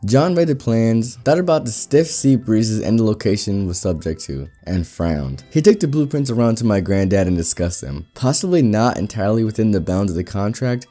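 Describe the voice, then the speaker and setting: A man narrating a reddit story aloud in a brisk storytelling manner. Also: fairly low pitch, mellow. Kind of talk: reading reddit stories aloud.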